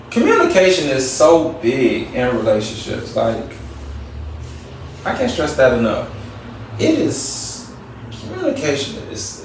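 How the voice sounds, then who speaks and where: Man, slow, preachy advice talk, distant mic, very echoey room. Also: medium pitch, slight background noise. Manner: conversational, preachy, repeats points for emphasis. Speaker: talk show host.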